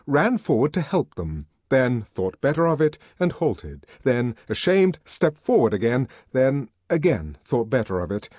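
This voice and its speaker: A man narrates an audiobook with a dramatic reading, his pitch rising and falling a lot. He takes it slowly and deliberately. The sound is dry and close. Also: a little mellow, no echo. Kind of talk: scripted narration.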